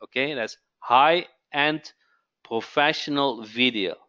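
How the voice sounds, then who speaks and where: A man hosting a live webinar sales pitch, who keeps asking "okay?" and repeats his phrases. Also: takes it slowly, pushed and bright, dull audio. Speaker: webinar host.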